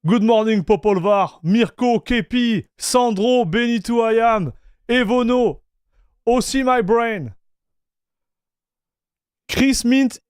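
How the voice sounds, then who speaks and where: A man with a French accent hosts a relaxed livestream, greeting his chat by name and tossing in bits of French and Spanish. His voice sits high and clean. He takes his time, and the sound is close and dry. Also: takes it slowly, long pauses, smooth, no echo. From North America. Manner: chatty, greets viewers by name, mixes in French and Spanish phrases, laughs often. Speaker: streamer reviewing Linux gaming.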